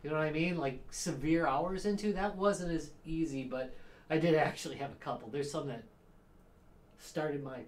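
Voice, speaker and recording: A man's voice: on the high side, moderate pace, slight background noise. A man co-hosting a casual podcast chat, jokey and rambling, often laughing. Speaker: podcast co-host.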